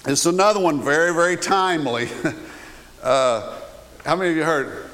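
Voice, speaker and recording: A man's voice: on the high side, animated, normal speed, long pauses, fairly bright tone. A male pastor preaching a sermon in a conversational way, often checking in with the congregation by asking "okay?". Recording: long hall reverb.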